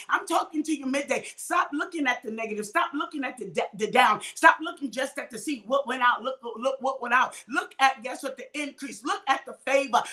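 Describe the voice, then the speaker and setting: A woman minister preaching informally to online viewers, exhorting them, calling out names and often shouting. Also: sits high. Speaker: minister hosting a midday livestream.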